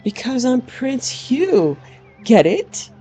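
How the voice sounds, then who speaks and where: A woman's voice: a little high, sing-song, slow pace, mellow, soft background music, pitched above the performer's own voice. A woman voicing a vain pompous prince. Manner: pompous, self-satisfied. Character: vain pompous male prince, pudgy and fussy.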